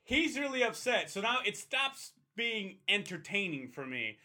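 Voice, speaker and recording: High, bright-voiced man telling a rowdy story. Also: measured pace. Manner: animated, profane, repeats words when excited. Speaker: podcast co-host telling a story. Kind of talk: casual comedic storytelling.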